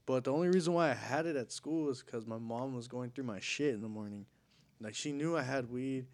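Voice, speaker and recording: A man's voice: mid-range voice, a little fast. A man telling a story in casual chat, slangy and profane.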